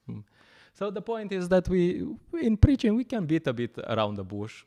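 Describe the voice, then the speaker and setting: A man giving a scripture class, telling stories in an animated way, often laughing and pausing with fillers. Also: medium pitch. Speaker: lecturer at a temple program.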